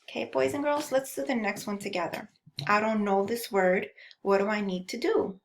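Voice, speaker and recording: A woman teaching a first grade phonics lesson, speaking clearly in a sing-song teacherly way and prompting young children to repeat after her. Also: medium pitch, normal speed, slight background noise.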